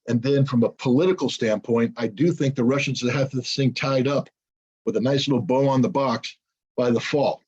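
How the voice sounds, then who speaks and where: Male analyst in an interview, hoarse-edged voice, blunt talk, dull recording. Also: medium pitch, darkish tone. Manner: blunt, opinionated, repeats words when searching. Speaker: interview guest, military analyst. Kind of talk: unscripted interview commentary.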